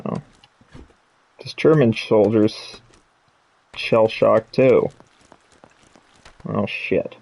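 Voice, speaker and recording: In a dry recording, a man playing a video game on stream mutters the names of items to himself as he explores, in casual commentary. His voice is on the low side and darkish, very slow, with vocal fry and long pauses.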